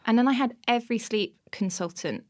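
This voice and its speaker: Lively woman telling a story. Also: on the high side, brisk. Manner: animated storytelling, bursts of laughter. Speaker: podcast guest. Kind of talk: casual interview chat.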